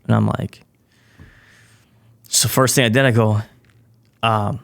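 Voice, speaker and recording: A man with a low, gravelly voice tells a personal story in a relaxed, conversational way. He is a podcast guest and keeps slipping into the voices of the people he quotes, which keeps the telling lively. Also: a little slow, pauses often. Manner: animated, acts out quoted people. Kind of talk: casual storytelling.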